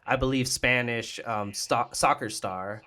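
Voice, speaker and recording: A man co-hosting a podcast in relaxed chat. He recounts things haltingly, restarting his words as he goes, with a medium-pitched everyday voice. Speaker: podcast co-host. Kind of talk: casual chat.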